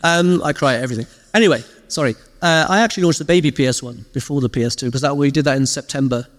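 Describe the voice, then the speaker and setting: Man, fast talker, animated anecdotes, reverberant live venue. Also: a little high. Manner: lively storyteller, animated quoted asides. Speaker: interview guest, former games PR director. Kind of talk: casual anecdotal interview. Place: live event stage.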